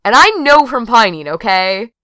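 Woman doing a brash, loud young woman. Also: fairly high pitch, sing-song, normal speed, dry recording, studio quality, voice pushed up. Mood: teasing. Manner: loud, blunt and cursing.

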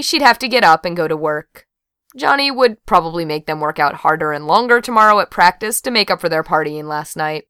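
A woman reading an audiobook aloud in an expressive, even-paced way, in a dry studio. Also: low voice, smooth, no room sound. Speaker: audiobook narrator. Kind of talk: audiobook narration.

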